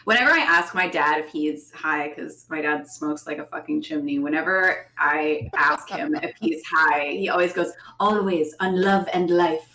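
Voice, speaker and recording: A woman's voice: sits low, moderate pace, hardly any pauses, pushed and bright, reverberant. A woman guest in a casual livestream chat, giggly and rambling, swearing now and then.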